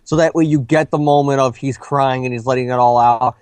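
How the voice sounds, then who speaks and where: A man co-hosting a movie review chat, rambling quickly with many restarts and self-corrections. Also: medium pitch, steady tone, darkish tone, dry recording. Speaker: co-host of a movie review show.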